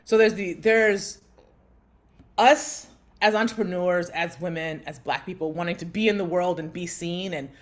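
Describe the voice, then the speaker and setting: A woman in her thirties co-hosting a podcast, telling a story in lively conversation and acting out the voices of people she quotes. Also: normal speed. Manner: animated, acts out quotes with big pitch jumps. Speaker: podcast co-host.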